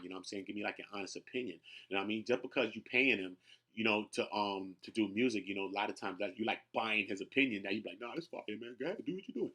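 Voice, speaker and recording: A man's voice: fairly low pitch, pushed and bright. A man casually teaching how to build a rap hook, talking loosely and often checking in with "right?" and "you know what I'm saying.". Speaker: rap tutorial host. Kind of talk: casual instructional talk.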